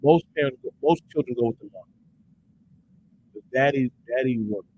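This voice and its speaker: A man hosting a heated, profane commentary rant who repeats himself for emphasis and breaks into shouts when worked up. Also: mid-range voice, moderate pace, husky, lo-fi sound. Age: adult parent. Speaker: host.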